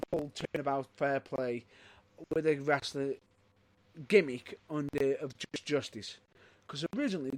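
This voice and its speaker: A man co-hosting a casual chat show, excitable, with loud outbursts and rapid rambling asides. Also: medium pitch. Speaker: podcast co-host.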